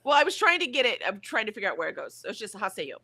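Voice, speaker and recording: A woman's voice: a little high, rapid-fire, breathy edge, no echo. A woman hosting a casual livestream from home, reading out chat comments and chatting with a laugh. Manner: chatty, lively, laughs often. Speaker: livestream host. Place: home, in bed.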